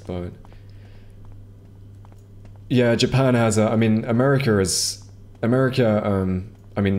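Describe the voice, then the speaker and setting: Low-voiced man rambling over gameplay. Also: a little mellow. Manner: rambling, hesitant, many ums and restarts. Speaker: streamer. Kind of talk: casual gameplay commentary. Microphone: headset or desk mic.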